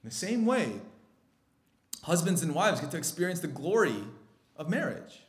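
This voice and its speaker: A man preaching a sermon as pastor, moving between hushed, intimate stretches and loud, excited bursts. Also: a little high, normal speed, pauses often, echoey room.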